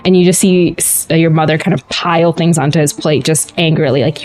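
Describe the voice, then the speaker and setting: A woman's voice: low-pitched, fairly even intonation, a little fast, darkish tone, slight background noise. A woman narrating as game master of a tabletop role-playing game, rambling and searching for words with many ums.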